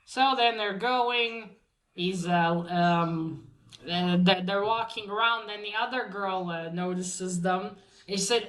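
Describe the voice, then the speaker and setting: A woman casually recapping a manga volume's plot and then showing the book, in a halting, rambling way with many fillers and restarts. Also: mid-range voice, steady tone, fairly bright tone. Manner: swears casually. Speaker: manga reviewer.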